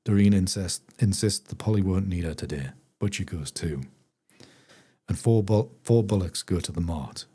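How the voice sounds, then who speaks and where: A man reads a farming diary aloud on a live stream at an easy, unhurried pace. His voice sits very low, with a dark, husky grain. He breaks off now and then for chatty asides to his viewers. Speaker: streamer reading a book aloud.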